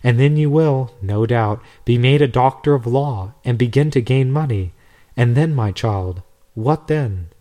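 A man's voice: mid-range voice, a little slow, mellow, close to an everyday voice. A man reading as a tender old priest. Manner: tender, questioning. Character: gentle old male priest, tender and fatherly. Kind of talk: storybook reading.

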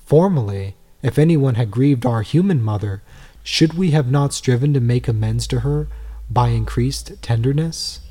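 Mellow-voiced man reading devotional text. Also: mid-range voice. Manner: measured, earnest, rhetorical questions. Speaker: reader.

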